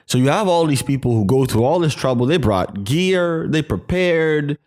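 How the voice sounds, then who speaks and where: A man co-hosting a loose, profane podcast conversation. His pitch swings widely as he acts out other people's lines in mock voices. He talks fast and keeps the banter going. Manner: animated, swearing, acts out quotes in voices. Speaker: podcast co-host. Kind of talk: casual group chat.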